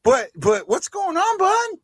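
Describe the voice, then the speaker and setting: A man hosting a live fan podcast stream, enthusiastic, loud and animated, on a remote stream mic. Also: sits high, moderate pace, no echo. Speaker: podcast host.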